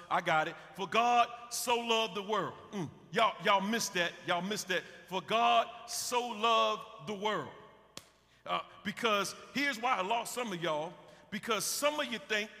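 A man's voice: high voice, pushed and bright. A man preaching a sermon as pastor, passionate, repeating himself and calling out to the congregation. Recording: reverberant hall sound, live stream.

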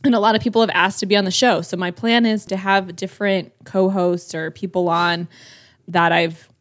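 A young woman hosts a casual podcast, talking with a friend in a loose, chatty way and dropping swear words into her stories. Her voice sits mid-pitch and sounds close and dry, with no room around it. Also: steady tone, normal speed, no room sound. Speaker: podcast co-host. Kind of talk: casual chat.

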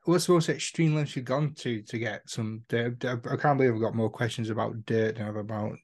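A man hosting a podcast interview, asking relaxed, joking questions in a casual chat. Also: mid-range voice, a little fast. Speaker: podcast host.

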